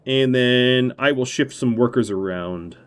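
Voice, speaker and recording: A man's voice: mid-range voice, unhurried. A man streaming a strategy game on a headset mic, thinking aloud about his choices with dry, self-mocking jokes. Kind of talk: let's play commentary.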